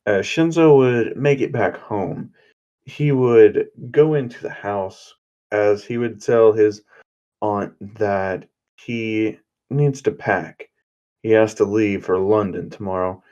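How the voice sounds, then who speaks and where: Male storyteller, casual, loose, swearing, slow, dull lo-fi audio. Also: lowish voice, warm tone. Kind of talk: improvised fan story narration.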